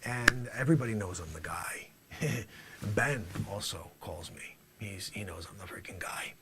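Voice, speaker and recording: A man's voice: on the low side, moderate pace, heavy background noise, pitched below the performer's own voice, lightly acted. A man voicing a sleazy, tough-talking middle-aged male drug dealer in a comedic mock courtroom sketch, boastful and brash.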